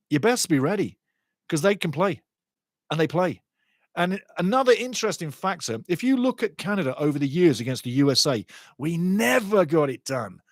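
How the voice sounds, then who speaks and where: A man hosting a live football watchalong, excitable and chatty, repeating catchphrases and laughing loudly. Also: on the high side, no echo. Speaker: watchalong host. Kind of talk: excited live match commentary.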